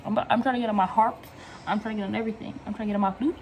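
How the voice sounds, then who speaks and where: A woman's voice: mid-range voice, steady tone, rapid-fire, background noise. A young woman chatting casually in a vlog, rambling from one tangent to the next in slangy speech and laughing often, recorded on her phone at home. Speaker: vlogger.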